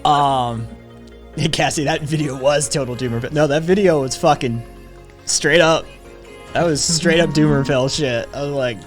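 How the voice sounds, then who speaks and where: Male streamer host, casual and foul-mouthed, average pitch, music low in the background. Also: steady tone, a little slow. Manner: rambling and heavily profane. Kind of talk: casual live-stream chat.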